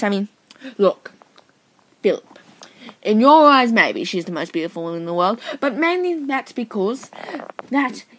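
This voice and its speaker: A woman's voice: fairly high pitch, fairly bright tone, dry recording. A woman playing a tactless best man in a comedy sketch, stammering and repeating herself as she talks. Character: smug, unkind best man at a wedding.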